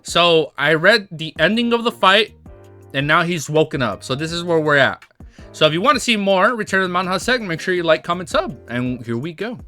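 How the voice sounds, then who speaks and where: A young man with a raspy voice reacts to a webtoon and reads its lines aloud. His tone is bright and forward and sits a bit high, and he laughs a lot as he goes. Faint music plays behind him. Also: very animated, fairly quick. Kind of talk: casual reading and reacting.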